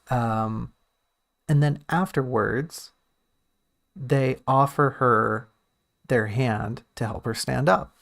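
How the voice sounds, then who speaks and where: A man's voice: mid-range voice, steady tone, unhurried, vocal fry, dry recording, studio quality. A man who writes and streams, talking casually and thinking aloud about a story draft, often restarting and correcting himself.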